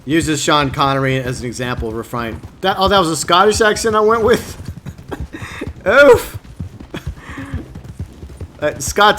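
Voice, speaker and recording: Streaming a video game from his home setup in Louisiana, a man chats casually with viewers in a slightly high, sharp voice. He often trips over his words and pokes fun at himself, with a little hiss or hum in the audio.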